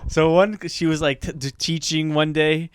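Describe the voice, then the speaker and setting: A man's voice: a little high, flat delivery, moderate pace, clear, resonant tone. A young man co-hosting a comedy podcast, telling stories with acted-out quotes and plenty of swearing. He speaks English with a Canadian accent. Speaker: podcast co-host. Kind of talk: casual comedy podcast chat.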